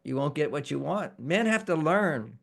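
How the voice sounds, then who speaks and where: A man's voice: fairly high pitch, normal speed, vocal fry. A man who is a relationship expert, explaining emotions in an interview and acting out example phrases. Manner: animated, acts out example phrases in quotes.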